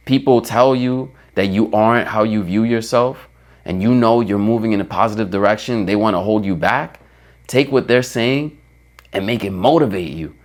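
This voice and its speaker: A man giving a motivational fitness vlog, emphatic and stretching out key words, often checking in with "right?". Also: low voice. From United States. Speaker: fitness vlogger. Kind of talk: motivational talking-head vlog.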